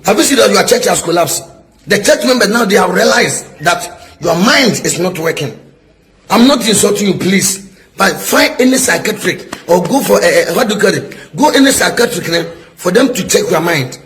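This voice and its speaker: A man's voice: high voice, expressive, moderate pace, fairly bright tone, rough recording. A man delivers a preaching-style rebuke, pressing his points again and again. He asks his listeners whether they get his point and repeats himself for emphasis. He sounds middle-aged. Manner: emphatic, repetitive, asks "is somebody getting my point?". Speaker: prophet.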